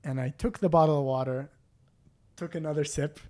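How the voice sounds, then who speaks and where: A man co-hosting a podcast, telling a story in a casual, animated way with lots of "dude" and "like". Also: a little high, a little fast. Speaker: podcast host.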